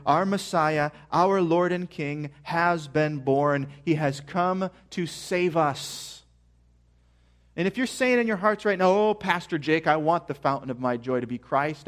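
High-voiced earnest male pastor preaching. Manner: earnest preaching, rising to excited emphasis. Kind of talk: sermon.

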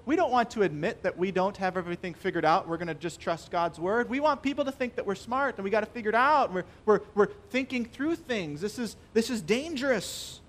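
A man preaching a sermon, emphatic and stressing key phrases by slowing down. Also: high voice.

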